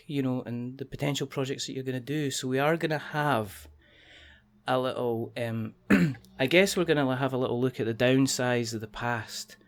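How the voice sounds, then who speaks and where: A man hosting a casual podcast chat, joking, rambling and laughing often. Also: medium pitch. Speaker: podcast host.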